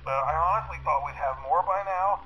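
A man's voice: a little high, brisk, pushed and bright, a little hiss or hum. An actor playing a laid-back young male coworker leaving phone messages in a horror game, rambling with many fillers. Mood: relaxed. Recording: tinny phone-line recording.

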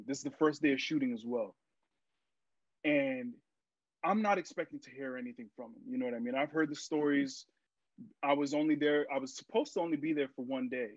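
A young man and actor, a podcast guest, telling stories in a casual interview, lively and full of fillers as he acts out what people said. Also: medium pitch, a little fast, no room sound. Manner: animated storyteller, acts out quotes, many fillers. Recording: dry, muffled lo-fi sound.

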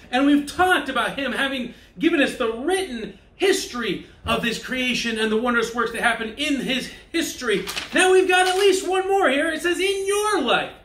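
A man with a very high voice leads a kids church lesson. He presents like an upbeat tour guide. He leans hard on key words and lifts into loud peaks. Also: roomy sound.

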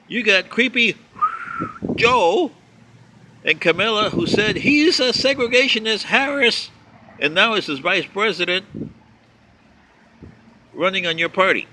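A man's voice: sits high, animated, unhurried, long pauses, background noise. A man giving a sarcastic, mocking political commentary, reading and answering viewer letters.

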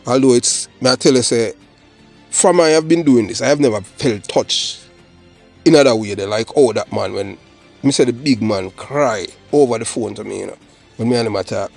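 A Jamaican man talks straight to his viewers in a loose, rambling commentary, swinging between patois and English. His voice sits at an ordinary middle pitch and he leans hard on his points. Soft music plays faintly beneath him. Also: normal speed, creaky. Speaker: channel host. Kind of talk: solo commentary monologue.

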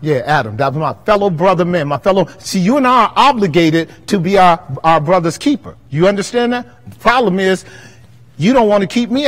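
An impassioned male pastor with a high-pitched voice preaches to his congregation and keeps checking that they follow. He swings from loud, soaring bursts down to low, hushed passages. The sound carries a long reverb from a church hall. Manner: impassioned preaching with call-and-response questions. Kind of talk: sermon at a Bible study.

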